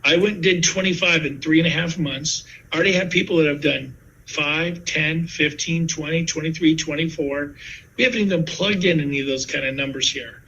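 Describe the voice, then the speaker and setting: A man in his fifties giving a sales pitch to fellow real estate agents, telling stories with lively asides. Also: a little fast, muffled recording, slight background noise. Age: 50s.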